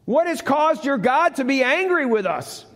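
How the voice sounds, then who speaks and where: A man's voice: extremely high pitch, big pitch swings, moderate pace, fairly bright tone, pitched above the performer's own voice, exaggerated voice. A man voicing frightened sailors begging in a storm, in a sermon. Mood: panicked. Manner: frantic, pleading. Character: panicked sailors, grown men. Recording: long hall reverb.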